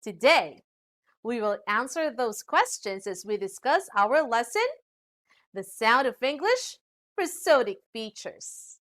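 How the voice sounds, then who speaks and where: A woman from the Philippines with a Filipino accent, teaching a scripted English pronunciation lesson to students. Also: a little high. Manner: slow, lively teacherly delivery addressing students.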